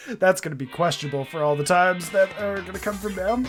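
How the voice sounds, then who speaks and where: A man's voice: sits high, moderate pace, faint music behind. A man streaming a video game, rambling casually and making crude, swearing jokes between lines. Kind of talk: casual gameplay commentary.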